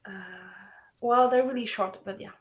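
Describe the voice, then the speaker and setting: A woman chatting casually on a livestream, soft-spoken and hesitant. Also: fairly high pitch, fairly even intonation, moderate pace, lo-fi sound. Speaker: livestream guest. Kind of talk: casual chat.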